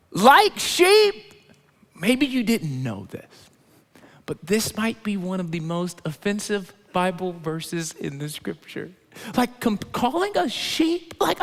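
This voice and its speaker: A man preaching a sermon, animated, swinging between loud emphatic lines and quiet low asides. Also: unhurried, vocal fry. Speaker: pastor. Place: large church auditorium. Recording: long hall reverb.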